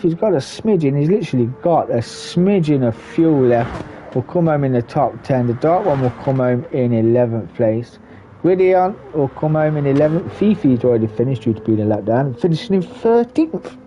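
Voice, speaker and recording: Brief: male race commentator, mellow and dark-toned, chatty and excitable, slight hiss behind. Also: fairly high pitch. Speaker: race commentator and league host. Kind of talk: sim racing commentary.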